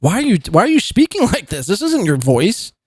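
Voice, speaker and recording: A man's voice: high-pitched, huge pitch swings, a little fast, breathy edge, dry recording, clean studio sound. A male podcast host giving mocking commentary, sarcastic and laughing at what he reacts to.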